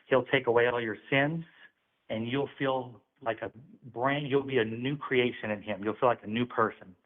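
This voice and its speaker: A man's voice: mid-range voice, steady tone, normal speed. A man calling in, telling a religious testimony in an earnest, preachy storytelling manner. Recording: phone-line audio.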